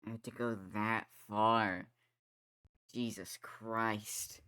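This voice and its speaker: A man's voice: on the low side, fairly even intonation, takes it slowly, bright, forceful tone, clear, resonant tone. A man streaming a video game live, thinking aloud and swearing often as he works through the level. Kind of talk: live gameplay commentary.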